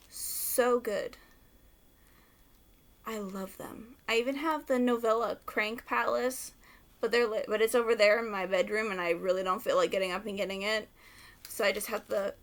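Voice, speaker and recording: A young woman rambling excitedly to camera about favorite books, swearing freely. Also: medium pitch. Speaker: book vlogger. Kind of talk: casual rant to camera.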